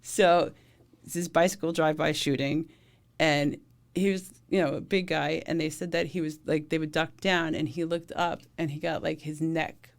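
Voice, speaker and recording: A woman's voice: deep voice, steady tone, moderate pace, gravelly. A middle-aged woman, a first responder, telling blunt, talkative stories in a casual interview and laughing often.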